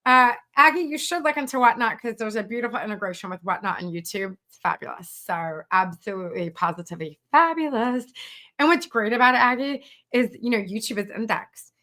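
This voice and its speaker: A middle-aged woman talks to her viewers in a loose, chatty live-stream style, full of "um"s and little acted-out quotes. Her voice is bright and forward, and she moves from coaching advice to friendly asides. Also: fairly high pitch, brisk. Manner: chatty and animated, acts out quoted voices, many fillers. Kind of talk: casual live-stream chat.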